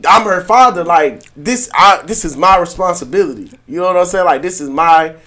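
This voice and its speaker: A man's voice: high voice, a little fast, bright, forceful tone. A young man co-hosting a casual podcast debate, laid-back, laughing often and swearing freely. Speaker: podcast co-host.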